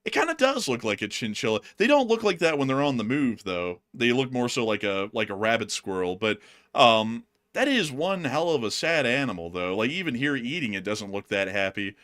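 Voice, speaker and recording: A man's voice: medium pitch, big pitch swings, moderate pace, a bit bright. A man co-hosting a casual livestream, joking, laughing often and reading out updates. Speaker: co-host.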